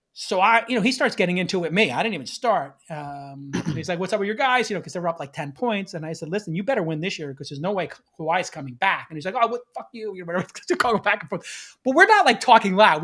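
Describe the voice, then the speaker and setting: A man hosting a podcast, telling blunt, animated anecdotes in casual chat and acting out the back-and-forth. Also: high-pitched. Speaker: podcast host.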